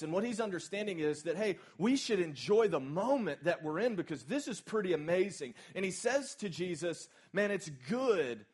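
Man, pastor, slightly high voice, conversational sermon, emphatic, asks the congregation questions. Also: breathy edge. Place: church service.

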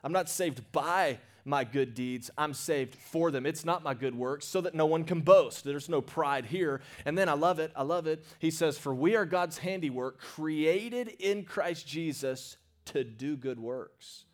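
Animated male preacher calling for amens. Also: on the high side, unhurried, few pauses. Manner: animated, swings between hushed and loud; calls for amens from the congregation. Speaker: pastor. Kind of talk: sermon.

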